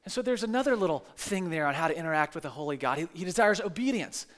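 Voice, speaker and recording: A man with a notably high voice preaches in a relaxed, conversational way. He retells scripture stories with lively, acted-out quotes and keeps stumbling into restarts and chatty asides. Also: quick pace. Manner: animated storytelling with acted-out quotes. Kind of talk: casual sermon.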